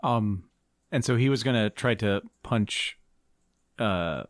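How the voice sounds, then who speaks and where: A man playing a tabletop game who asks questions in a halting way. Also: on the low side, no echo, clean studio sound. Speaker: player. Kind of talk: casual tabletop roleplay.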